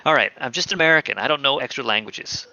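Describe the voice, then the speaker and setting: A man's voice: medium pitch, animated, fast, bright, forceful tone, no echo, muffled recording. A man from Texas, co-hosting a casual streamed chat, joking and reading screen text aloud. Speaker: podcast co-host.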